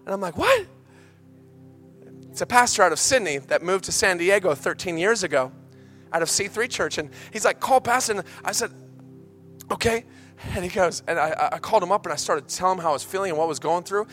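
Man, preacher, high-pitched, shouts then hushes, passionate sermon. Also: fast talker, faint music behind. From United States. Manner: impassioned, swings from shouting to hushed storytelling. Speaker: pastor.

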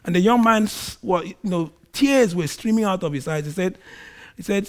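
A man preaching a sermon, acting out quoted speech with big swings in volume and pitch. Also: lively intonation, normal speed, few pauses. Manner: acts out quoted speech in a raised voice. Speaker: pastor.

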